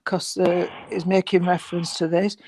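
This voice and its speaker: Gentle medium, reassuring and rambling. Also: mid-range voice, flat delivery, moderate pace, creaky, a little hiss or hum, low-quality recording. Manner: gentle, reassuring, calls the sitter sweetheart and darling; rambling, repetitive delivery with many fillers. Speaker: spiritualist medium. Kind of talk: mediumship reading at an online service.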